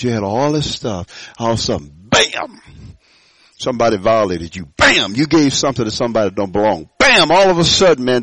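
A man preaching a sermon to his congregation, emphatic, dropping to low murmurs and rising to shouted declarations, asking the room call-and-response questions. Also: dry recording, low-quality recording. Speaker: pastor.

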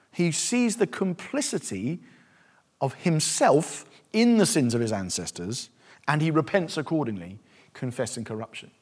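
A male preacher giving a sermon with passion, swinging from hushed, reflective stretches to loud, fervent appeals. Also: high voice, husky.

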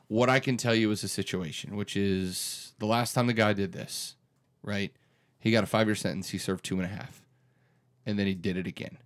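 A man's voice: fairly low pitch, steady tone, moderate pace. A man in his thirties who hosts a radio morning show, speaking in an earnest, emphatic way with frequent restarts during a conversational interview.

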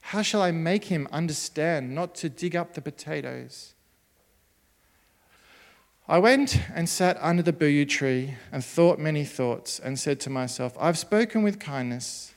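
A man telling a story for children in a gentle, expressive, unhurried way. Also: on the high side, big-room sound.

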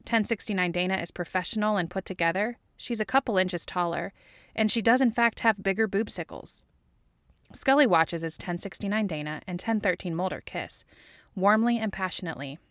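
A woman reading a fan fiction story aloud with wry, even storytelling. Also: medium pitch, brisk, no room sound, studio quality. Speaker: audiobook reader.

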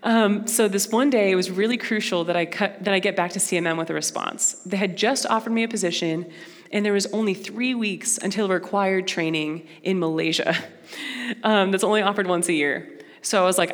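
A young woman giving a personal testimony talk to a Christian audience in an earnest, conversational, expressive way. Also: medium pitch, normal speed. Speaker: Christian speaker. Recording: long hall reverb.

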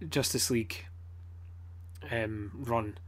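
A man's voice: medium pitch, fairly even intonation, slow, fairly bright tone. Scottish guy rambling on a podcast, swears a lot, blunt, lots of ums. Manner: rambling, sweary, blunt complaints with many fillers. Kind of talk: casual chat.

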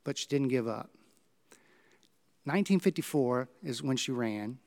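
A male pastor, preaching a sermon and telling stories with dramatic swings in pitch and volume. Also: lively intonation, measured pace, vocal fry, a little mellow.

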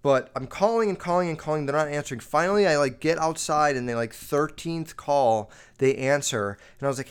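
A man's voice: fairly quick, hardly any pauses, smooth. A man hosting a podcast, telling a story in a rambling, foul-mouthed way, full of "like", his voice jumping up and down as he gets worked up. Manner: rambling, heavy swearing, lots of "like"; animated, jumping up and down in pitch while recounting. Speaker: podcast host. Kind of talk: casual storytelling monologue.

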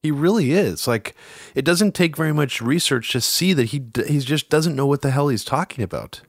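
A man co-hosting a casual political talk show, rambling and swearing, his voice jumping up in pitch when he gets worked up. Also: animated, moderate pace, dry recording, clean studio sound. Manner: rambling, swears, many fillers and restarts, pitch jumps up when agitated. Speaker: podcast co-host.

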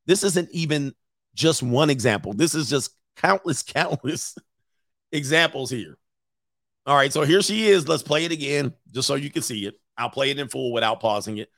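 Blunt, gravelly male stream host. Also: mid-range voice, moderate pace, dry recording, clean studio sound. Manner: blunt, animated storytelling with put-on quotes and laughs. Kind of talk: casual reaction stream commentary.

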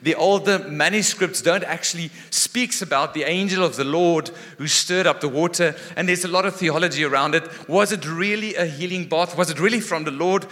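A man preaching in a large hall with a long, ringing echo. His voice is bright and forceful and sits a little high for a man. He swings from raised, animated lines down to hushed, quiet ones. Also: moderate pace, few pauses. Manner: animated, dramatic shifts between loud and hushed. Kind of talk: sermon. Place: church hall.

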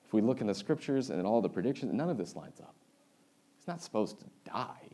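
A man preaches a sermon in a relaxed, conversational manner, retelling the story with wry asides. His voice sits somewhat low and sounds mellow and warm. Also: fast.

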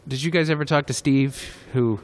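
Earnest, halting male interview guest. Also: medium pitch. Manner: earnest, halting, restarts sentences. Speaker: filmmaker guest. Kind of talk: casual interview chat.

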